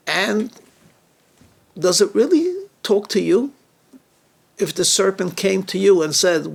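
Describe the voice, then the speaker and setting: A male rabbi delivering a storytelling sermon, deliberate and questioning, with halting restarts now and then. His voice is fairly high and he speaks slowly, drawing out his points. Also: creaky.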